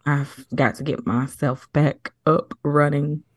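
A woman's voice: low-pitched, flat delivery, takes it slowly, dry recording. Chatty woman podcast host, dry close sound. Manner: chatty, rambling, laughs easily. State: a little out of breath. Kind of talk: casual podcast chat.

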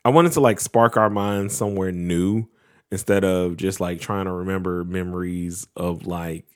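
Man, very deep voice, podcast co-host, rambling, filler-heavy casual talk. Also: fairly even intonation, normal speed. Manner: rambling, many "like" fillers and restarts. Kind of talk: casual chat.

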